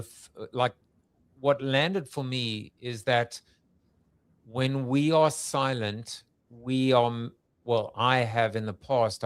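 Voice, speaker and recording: A man hosts a conversational podcast interview, his medium-pitched voice clean and free of echo. He asks questions hesitantly, thinking aloud and restarting often.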